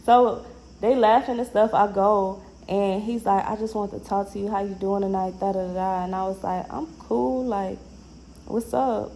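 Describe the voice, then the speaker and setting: A young woman casually telling a personal story in a slangy, animated way, acting out the lines she quotes. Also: mid-range voice, moderate pace, a little hiss or hum, rough recording.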